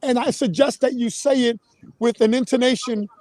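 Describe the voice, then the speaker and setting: A man's voice: very high voice, steady tone, moderate pace, darkish tone, no room sound, low-quality recording. A man hosting a live online talk show, effusive and upbeat, leading his guests in chants. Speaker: host.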